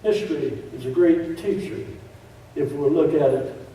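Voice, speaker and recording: A man's voice: on the high side, unhurried, warm tone. A man preaching a sermon, emphatic, repeating key phrases with joking asides. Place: church sanctuary. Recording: echoey church room, distant mic.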